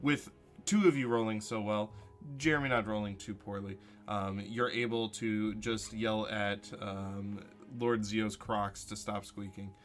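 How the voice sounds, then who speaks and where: A man's voice: lowish voice, fairly even intonation, a little slow, hardly any pauses, faint music behind. A man narrating as game master of a tabletop game, loose and full of fillers.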